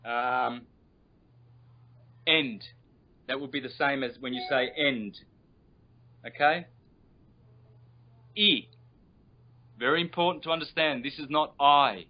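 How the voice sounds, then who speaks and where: A man explains things patiently as a guest teacher, stretching out sounds to demonstrate them. His voice sits at a middling pitch. It comes through a dull, lo-fi internet call line. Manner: patient and instructive, drawn-out demonstrated vowel sounds. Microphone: video call.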